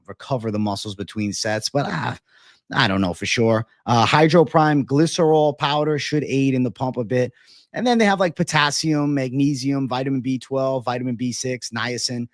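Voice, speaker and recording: A man's voice: mid-range voice, no echo, clean studio sound. Profane young man chatting on a livestream. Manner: profane, loose, repeats "bro" constantly; reads chat comments aloud and replies. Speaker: livestream host. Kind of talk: casual livestream chat with viewers.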